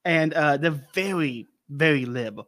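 A man's voice: a little high, measured pace, fairly bright tone, no room sound, studio quality. A man in his twenties, a podcast guest, talking hesitantly and stammering in casual chat. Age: 20s.

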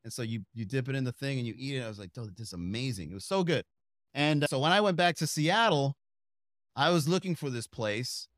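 A man's voice: medium pitch, animated, a little fast, a bit bright, dry recording, clean studio sound. A young man doing a comedic podcast monologue, rambling through stories with digressions. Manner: rambling, digressive storytelling with asides. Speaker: stand-up comedian and podcast host.

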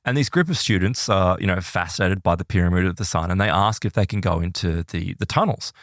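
A man hosting a podcast, retelling a story in a casual, animated way, full of "like" and "right?". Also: low voice, fast, dry recording, studio quality. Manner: animated, filler-heavy retelling with many "like"s and "right?"s.

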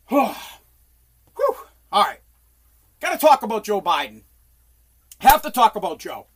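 A man's voice: high-pitched, sing-song, takes it slowly, long pauses, slightly rough. A middle-aged man from the United States in his home basement, ranting on a casual livestream in a profane, exasperated, pleading way. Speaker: livestream host.

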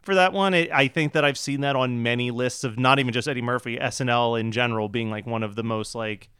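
A man co-hosting a casual chat, talking through his picks in a measured, thoughtful way. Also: mid-range voice, fairly bright tone, clean tone, dry recording, clean studio sound. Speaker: podcast co-host.

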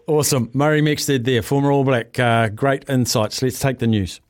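A man hosting a radio show, relaxed and friendly, trading quick quips with his co-host. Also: mid-range voice. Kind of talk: casual radio banter.

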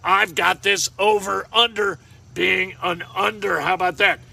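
Man, sports betting host, high gravelly voice, jokey, rambling. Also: fairly even intonation, unhurried, bright, forceful tone. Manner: jokey, rambling, talks to himself. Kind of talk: casual picks monologue.

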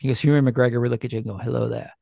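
A man's voice: medium pitch, steady tone, very fast, creaky, warm tone, dry recording, studio quality. A man co-hosting a casual chat, joking, laughing often and doing silly quoted voices. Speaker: podcast co-host.

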